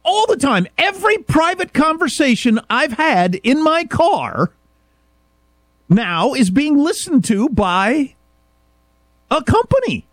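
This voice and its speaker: A man's voice: slow pace, no room sound. A middle-aged man from Kansas, hosting a casual talk show and telling a story with acted-out dialogue. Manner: animated storyteller, acts out dialogue, rising pitch when worked up. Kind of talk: casual talk radio chat.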